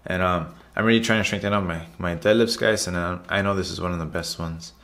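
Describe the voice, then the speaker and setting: A man's voice: low-pitched, fairly even intonation, fairly quick, a bit bright. A man narrating his workout footage as a casual vlog voiceover, chatty and repetitive, often calling out to his viewers. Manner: loose, repetitive, chatty, says "guys" often. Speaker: fitness vlogger.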